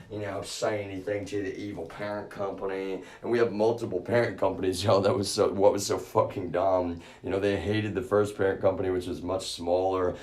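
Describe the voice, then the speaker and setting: A man's voice: deep voice, darkish tone, far from the mic. A man ranting on a live stream, agitated and profane, speaking straight to his viewers. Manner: agitated, profane, keeps addressing viewers as y'all.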